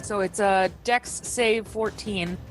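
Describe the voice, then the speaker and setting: A woman's voice: mid-range voice, fairly even intonation, takes it slowly, music in the background. A woman playing a tabletop game over a video call, chatty and giggly as she casts spells. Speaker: player.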